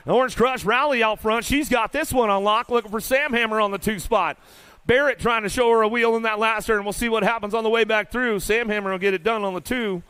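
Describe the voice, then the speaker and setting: A man announcing live BMX races in an indoor arena, rattling off riders' names in rapid play-by-play with casual, folksy banter. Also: high voice, bright, forceful tone, smooth, no room sound. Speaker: race announcer. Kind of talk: live BMX race commentary.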